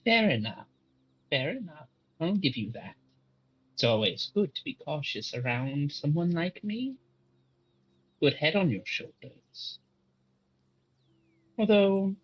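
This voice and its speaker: Old hag, scheming and mocking, played by a man, slow and breathy. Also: on the high side, dull audio, full character voice. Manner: sly, taunting.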